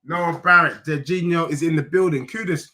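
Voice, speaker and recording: A man's voice: fairly high pitch, normal speed, pushed and bright. A man, chatting animatedly and emphatically as a football fan streamer on a live reaction stream. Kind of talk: casual live reaction chat.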